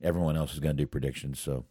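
A man's voice: very deep voice, warm tone, slightly rough, dry recording, clean studio sound. A man co-hosting a casual chat show, talking loosely with frequent swearing and repeated words. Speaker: podcast co-host.

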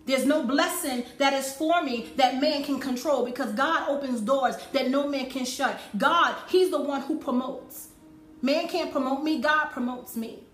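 A woman's voice: high voice, unhurried, fairly bright tone. A woman preaching a sermon, driving points home by repeating phrases with rising force. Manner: emphatic, repeating phrases for effect. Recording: roomy echo with faint music.

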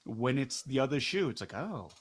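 A man's voice: medium pitch, big pitch swings, normal speed, a bit bright. A middle-aged man, a guest in a candid interview, making his points with rhetorical questions and a tag of "right?". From Canada.

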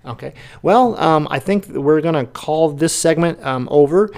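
A man's voice: on the high side, moderate pace, gravelly, a little mellow. A man co-hosting a political podcast, giving casual opinionated commentary with many ums and restarts. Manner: opinionated, dismissive. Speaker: podcast co-host.

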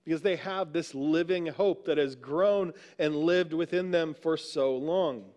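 High-voiced man preaching conversationally. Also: measured pace, a little mellow, highs cut off. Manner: conversational preaching, frequent "right?" asides. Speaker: pastor. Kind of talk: sermon. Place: church sanctuary.

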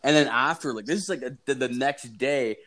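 A man's voice: mid-range voice, moderate pace, a bit bright. A young man chatting on a podcast as a guest, telling a rambling story full of swearing. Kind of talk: casual podcast chat.

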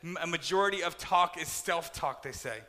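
A man preaching a sermon as pastor, animated and acting out complaining voices. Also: fairly high pitch, fairly quick, in a large hall, faint music behind.

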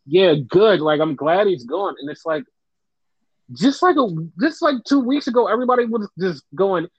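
A man's voice: high voice, expressive, moderate pace, husky, dry recording. A young man co-hosting a casual podcast, talking animatedly, swearing often and mimicking fans in exaggerated voices. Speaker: podcast co-host. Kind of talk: casual wrestling podcast chat. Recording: dry, slightly dull podcast mic.

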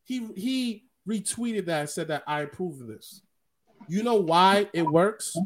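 High-voiced animated man hosting a podcast. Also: measured pace. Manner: animated, laughs often. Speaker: podcast host. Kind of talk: casual chat.

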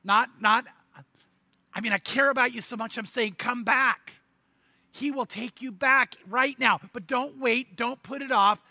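A man's voice: very high-pitched, measured pace, gravelly, sharp tone, dry recording. A man preaching a sermon as a pastor, earnest and pleading with his listeners. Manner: earnest, pleading, retells a skit with quoted voices.

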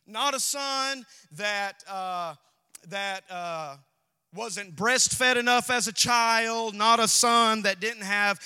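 A male pastor preaching a sermon in a church, swinging from loud shouted passages to quiet, low asides. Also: slow, clear, resonant tone. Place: church sanctuary.

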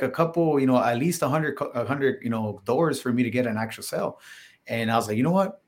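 A man guest on a podcast, telling stories in a casual, filler-heavy way and getting animated when he quotes himself. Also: mid-range voice. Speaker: podcast guest, solar salesman. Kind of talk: casual interview storytelling.

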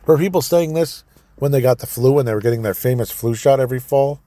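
A man's voice: medium pitch, fast, mellow, dry recording. A man hosting a solo podcast, casually reading news items and ranting with opinionated asides. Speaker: podcast host.

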